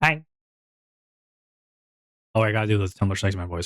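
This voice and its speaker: A man streaming and chatting casually, rambling and breaking into high-pitched giggles. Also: lively intonation, normal speed, long pauses, a bit bright, no room sound, studio quality. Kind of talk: casual chat.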